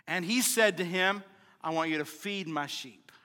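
Pastor guy preaching hard, high bright voice, big church reverb. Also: normal speed. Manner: impassioned preaching, swings from loud to quiet. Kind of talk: sermon.

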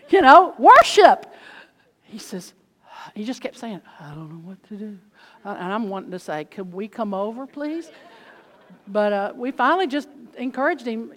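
A woman preaching and telling testimony stories, animated, moving between loud exclamations and hushed asides. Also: mid-range voice. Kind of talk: sermon storytelling. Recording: long hall reverb.

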